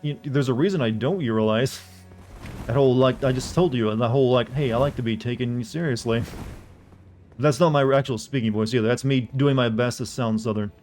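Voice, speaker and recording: A man's voice: mid-range voice, brisk, darkish tone, faint music behind. A man from the American South streaming a game live, chatting loosely and profanely with his viewers. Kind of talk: casual livestream commentary.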